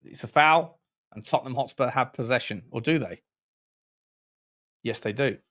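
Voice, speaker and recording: A man streaming a football watchalong, giving running commentary on the game with jokes and shout-outs to viewers. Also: medium pitch, normal speed. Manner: jokey, excitable, chats with viewers between plays. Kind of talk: live match commentary and chat.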